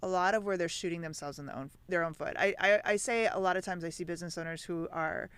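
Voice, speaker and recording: A podcast host asking a guest questions in a relaxed, conversational way. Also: mid-range voice, fast talker, clear, resonant tone, dry recording. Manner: conversational, asks questions with a friendly push. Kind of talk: casual podcast interview.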